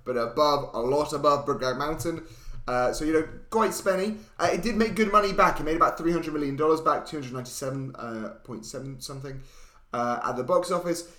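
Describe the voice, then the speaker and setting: A man's voice: on the high side, brisk, pushed and bright, roomy sound. A man co-hosting a casual film podcast, wryly joking while he presents film facts. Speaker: podcast co-host. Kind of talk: casual chat.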